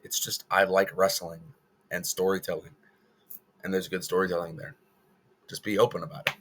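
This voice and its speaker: Guy rambling through his opinions, kinda low voice, casual and offhand. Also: level tone, normal speed, a bit bright, slight background noise. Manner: casual, rambling, self-correcting. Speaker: wrestling video creator. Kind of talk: opinion commentary vlog.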